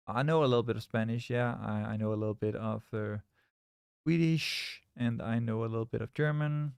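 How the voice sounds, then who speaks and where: Young man, loose rambling stream talk, gravelly edge, dry close sound. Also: medium pitch, normal speed, darkish tone, no room sound. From Scandinavia. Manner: rambling, repeats words and restarts, reads chat aloud. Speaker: live-stream trader. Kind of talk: casual live-stream chat.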